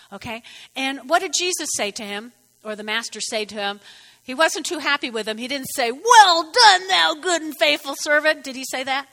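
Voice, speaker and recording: Animated, preachy woman, high and bright, in a reverberant space. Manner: animated, preachy, rambling asides. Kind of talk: casual sermon-style talk.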